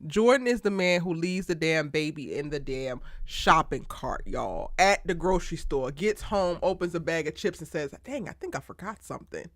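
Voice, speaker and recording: A woman hosting a live TV show recap, talking in an animated, slangy, emphatic way and laughing often. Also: low-pitched, moderate pace, hardly any pauses, no echo, clean studio sound. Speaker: TV show aftershow host.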